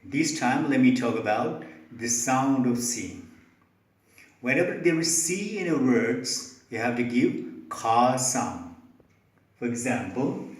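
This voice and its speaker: A man teaching pronunciation, slowly and deliberately repeating example words one by one. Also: medium pitch. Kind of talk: slow instructional explanation. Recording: very echoey room.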